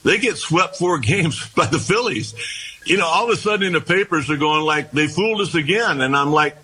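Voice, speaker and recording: An older man, a former baseball pitcher, telling long rambling anecdotes in a casual interview, often restarting his sentences. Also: lively intonation, moderate pace, sharp tone, breathy edge, low-quality recording. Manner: rambling anecdotes with repeated starts and quoted dialogue.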